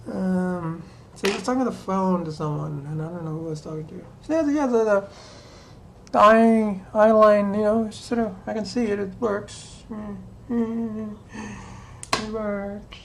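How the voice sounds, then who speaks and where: A woman's voice: mid-range voice, normal speed, vocal fry, roomy sound, noisy background. A woman chatting casually to camera while doing her makeup, rambling and talking to herself in asides. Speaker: vlogger. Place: small room at home.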